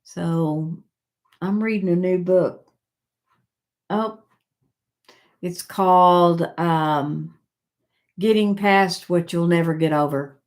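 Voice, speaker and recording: An older woman with a lowish voice hosts a laid-back live stream, reading viewer comments aloud haltingly and chatting, often restarting and using fillers.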